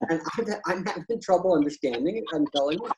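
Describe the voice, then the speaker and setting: Man, higher-pitched voice, casual storytelling, blunt, profane, stammering restarts. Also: lively intonation, fast, a little hiss or hum, low-quality recording. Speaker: patio chat host.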